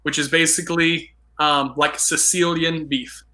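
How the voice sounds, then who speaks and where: A man's voice: fairly high pitch, steady tone, unhurried, bright, forceful tone, poor audio. A man being interviewed as a guest over a video call, explaining in a casual, conversational way. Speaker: guest, news producer. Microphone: computer mic on a video call.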